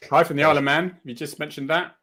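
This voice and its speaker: A man's voice: a little high, steady tone, fast, fairly bright tone. A man hosting a casual live video chat, chatty and self-deprecating and laughing often. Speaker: host.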